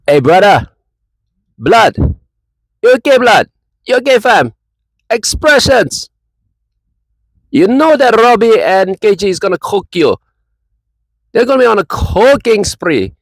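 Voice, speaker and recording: A man doing an impression of a loud, mocking male rival football fan in a put-on Jamaican accent. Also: big pitch swings, unhurried, pauses often, no echo, heavily acted, poor audio. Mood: taunting. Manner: mocking, repeating taunts with a high squeal.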